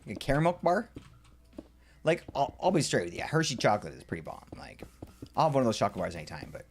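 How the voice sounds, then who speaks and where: Fast-talking, with a slightly rough medium-pitched voice, a man livestreams himself building in a game while chatting with his audience. He's excitable and rambly, reacting to chat with playful rants and sometimes muttering under his breath.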